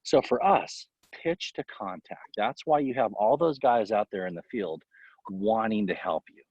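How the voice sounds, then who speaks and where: A man who is a baseball coach, talking casually in an interview and giving tips in a rambling, animated way full of fillers. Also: on the low side, a little slow, husky, dry recording. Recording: dull, lo-fi, dry sound.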